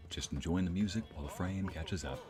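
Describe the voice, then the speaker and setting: A man with a deep voice talks fast while streaming a video game, with game music playing behind him. As streamer and narrator, he's playful and chatty, reading viewers' messages aloud and joking around in casual live-stream commentary.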